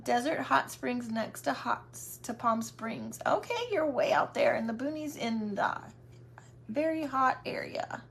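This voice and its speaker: Woman, craft host, high voice, chatty, affectionate, casual livestream talk. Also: unhurried, creaky, a bit bright, slight background noise.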